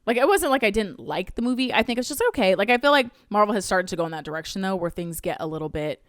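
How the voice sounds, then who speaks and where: A young woman talks quickly through a casual movie review, rambling and acting out her own reactions. Her voice sits at a middle pitch and is close and dry, with almost no room sound. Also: lively intonation, dry recording. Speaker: podcast co-host.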